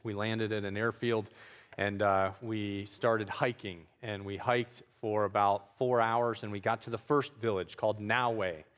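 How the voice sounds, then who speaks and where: A man's voice: fairly low pitch, steady tone, measured pace, fairly bright tone, big-room sound. A man telling a story from his missionary work in a loose, conversational way, with fillers and small chuckles. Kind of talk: storytelling talk.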